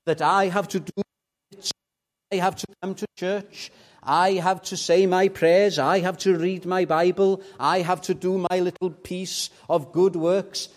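A man preaching a sermon in church with fervent emphasis, swinging from soft asides to loud, emphatic peaks. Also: a little high. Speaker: pastor.

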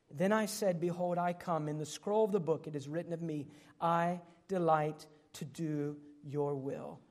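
A middle-aged man with a high voice preaches a sermon. He speaks earnestly, acting out the voices he quotes and dropping to a whisper now and then. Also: darkish tone. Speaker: pastor.

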